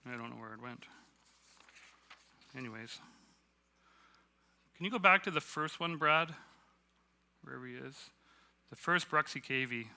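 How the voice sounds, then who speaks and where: A man from Canada giving a casual, halting sermon at a church, self-deprecating and full of fillers. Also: mid-range voice, creaky, bright, forceful tone. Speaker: guest preacher. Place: church hall.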